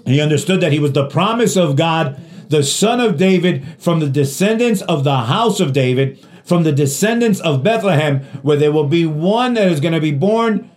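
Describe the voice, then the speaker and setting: A man's voice: a little high, lively intonation, normal speed, darkish tone. A man preaching a sermon as pastor, posing rhetorical questions to the congregation and building up emphasis.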